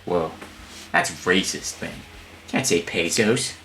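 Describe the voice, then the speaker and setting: A man's voice: deep voice, takes it slowly, pushed and bright. A man streaming a video game, chatting in a profane, jokey, rambling way. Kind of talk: casual let's play commentary.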